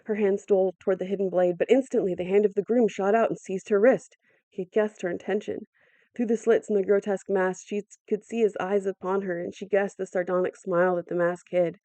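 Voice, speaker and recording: A woman narrating an audiobook in a measured, dramatic storytelling manner. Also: mid-range voice, fairly even intonation, dark tone, dry recording. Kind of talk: audiobook reading.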